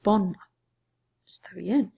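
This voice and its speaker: In an unhurried, measured way, a female Spanish teacher guides learners through grammar rules one by one. Key syllables come out as whispers, and her tone is dark and heavily gravelly.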